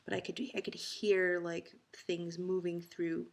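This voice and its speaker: A woman's voice: fairly low pitch, flat delivery, a little slow, vocal fry. A tired woman talking casually in a rambling video diary from home. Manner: rambling, sleepy. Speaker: vlogger.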